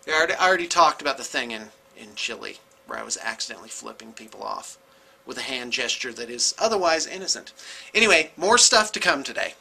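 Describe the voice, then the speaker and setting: Excitable man with a bright voice. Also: medium pitch, fast, creaky, breathy edge. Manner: excitable and rambling, chuckles often. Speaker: host of a miniature painting studio channel. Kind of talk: casual show-and-tell vlog. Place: indoor painting studio.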